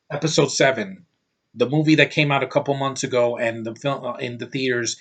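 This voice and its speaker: An American man in a middle-pitched voice, talking in a loose, emphatic vlog rant. He talks in blunt opinions and keeps tripping over and restarting his sentences. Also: fairly bright tone. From United States. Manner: opinionated, emphatic, quick to dismiss things; frequent restarts and stammering. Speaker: vlogger.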